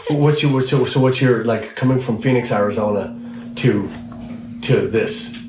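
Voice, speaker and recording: A man's voice: mid-range voice, measured pace. Chatty man in a roomy house. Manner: chatty, rambling, laughs a lot. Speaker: band member and podcast host. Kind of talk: casual chat. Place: living room at a house, at night. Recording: roomy with faint background noise.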